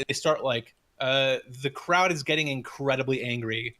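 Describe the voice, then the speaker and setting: A man's voice: medium pitch, normal speed, few pauses, sharp tone. A man with a mid-range voice narrates as game master of a tabletop game. He talks casually and loosely, often restarting his sentences. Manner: casual, many fillers and restarts.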